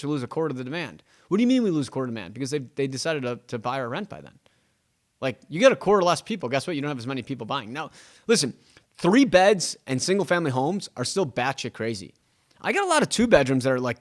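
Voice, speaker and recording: A young man, a real estate agent hosting a casual, rambling monologue and acting out what his clients say. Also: a little high. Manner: rambling, animated, acts out clients' quotes.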